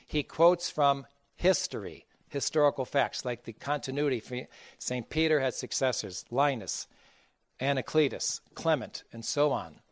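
A man's voice: mid-range voice, lively intonation, measured pace, dry recording. A man, a bishop giving a conference sermon, who talks with emphasis, asks rhetorical questions and acts out the voices he quotes.

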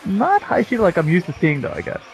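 A man's voice: high voice, huge pitch swings, quick pace, poor audio. A man co-hosting a casual chat, laid-back and laughing easily. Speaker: co-host. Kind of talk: casual chat over match footage.

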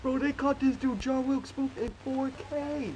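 Excitable high-voiced young man reacting. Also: measured pace, slight background noise. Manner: loud, excitable, slangy, keeps saying man and bro. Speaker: reaction video host. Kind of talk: casual reaction commentary. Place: small room at home.

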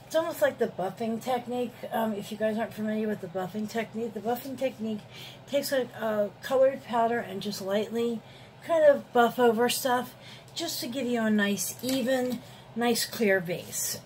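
A woman's voice: a little high, normal speed, darkish tone, slight background noise, low-quality recording. A middle-aged woman talking casually through a makeup tutorial, rambling with fillers as she works. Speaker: beauty vlogger.

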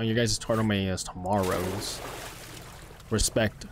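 A man streaming a horror game, chatting casually with his viewers and swearing and yelling when the game startles him. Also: medium pitch, normal speed, background noise. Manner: excitable, swears and yells at the game; chats with his chat between gameplay. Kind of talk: casual live-stream commentary. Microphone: streaming microphone close to his face.

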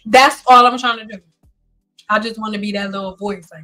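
A woman's voice: medium pitch, steady tone, fairly quick, bright, forceful tone, faint music behind, poor audio. A woman hairstylist from Detroit, talking blunt and intense in a joking livestream chat. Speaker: hairstylist host.

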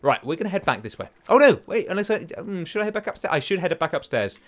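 A young man commentates his game in a chatty, excitable way. His fairly high voice leaps up and down constantly. He keeps poking fun at himself between bursts of delight. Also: fast. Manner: chatty, excitable, self-mocking, sings silly chants. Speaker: gaming channel host. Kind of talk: casual let's play commentary.

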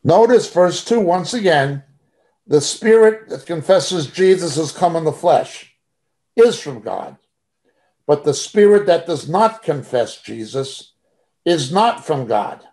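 Man, high voice, slow delivery, Bible study teaching, reads verses then comments emphatically, video call mic. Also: lively intonation, darkish tone.

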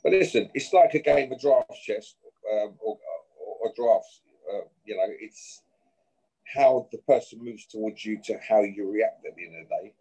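The voice sits on the low side, dark and husky, at a moderate pace, captured in poor audio. It belongs to a boxer who, in an interview, confrontationally challenges a rival with trash talk, punctuating each point with "yeah?"

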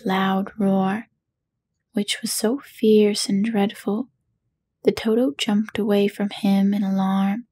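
A woman narrating an audiobook in a soft, hushed bedtime whisper. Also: medium pitch, husky. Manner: hushed and soothing.

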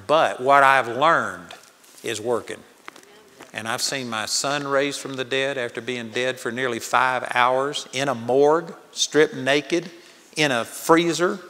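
A man's voice: medium pitch, fairly bright tone, long reverb tail. An older man preaching a sermon at a Bible college, telling stories in an earnest manner. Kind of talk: sermon teaching. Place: large hall with audience.

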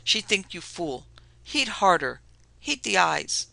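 A man voicing a brutish man who snarls in slow, broken speech. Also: high voice, sing-song, creaky, pushed and bright, dry recording, heavily acted. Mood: jeering.

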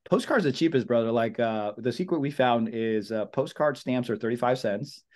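A man's voice: mid-range voice, normal speed. A man coaching real estate agents at a team meeting. He speaks casually and with energy, repeats his points, and calls his listeners "guys" and "brother.". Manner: energetic, repetitive, acts out sample phone calls. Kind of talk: team meeting training talk.

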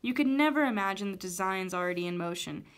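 A woman's voice: medium pitch, animated, quick pace, close to an everyday voice. A woman voicing a wounded, scheming witch in a storybook reading, coaxing and haughty by turns.

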